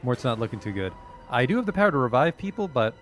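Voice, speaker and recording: A man's voice: medium pitch, very animated, fast. A man streaming a video game, commenting sarcastically and swearing casually. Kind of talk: let's play commentary. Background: faint game music.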